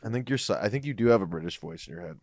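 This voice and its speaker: A young man with a somewhat low voice, bantering casually on a podcast and laughing between trailing, restarted sentences. The sound is close and dry, with no room around it. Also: expressive, very fast, darkish tone, no room sound. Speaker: comedian guest.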